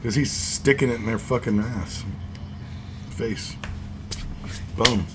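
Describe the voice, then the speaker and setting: A man's voice: medium pitch, steady tone, a little slow, loud music behind the voice. A man co-hosting a casual sports talk show, rambling and swearing as he reacts to a game. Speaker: podcast co-host.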